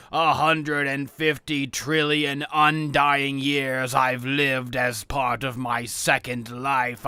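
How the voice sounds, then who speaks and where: A man's voice: medium pitch, bright, forceful tone, smooth, no room sound. A man voicing an ancient, weary evil spook who groans profane, self-pitying complaints over video game play. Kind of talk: in-character commentary over video games.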